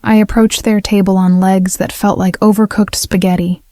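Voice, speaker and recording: Woman, first-person story narrator, steady, mellow tone, dry recording. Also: medium pitch, moderate pace, few pauses, no room sound.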